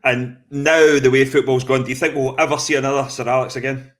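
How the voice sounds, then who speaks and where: A man's voice: mid-range voice, flat delivery, brisk. A man with a Scottish accent co-hosting a podcast, stumbling and repeating words as he frames his questions. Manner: stammering, repeats words while framing questions. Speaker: podcast co-host. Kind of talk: casual interview chat.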